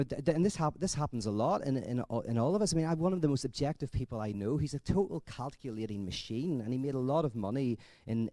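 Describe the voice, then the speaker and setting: A man giving a conference talk in a conversational, thinking-aloud way, telling jokes with lively energy. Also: medium pitch, no echo. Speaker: conference speaker.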